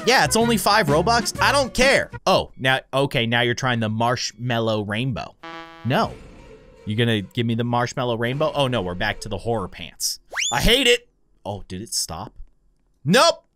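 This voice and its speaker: Animated man doing game commentary. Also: mid-range voice, normal speed, soft background music. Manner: animated, jokey, shrieks and mock-deadpan asides. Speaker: gaming YouTuber. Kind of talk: let's play commentary.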